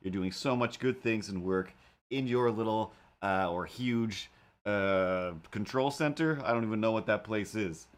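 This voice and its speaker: Male streamer, casual rambling host who talks to his own tools; low, slow delivery. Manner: rambling, talks to his software and animated cat helper. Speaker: livestream host and cartoonist. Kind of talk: casual livestream chatter.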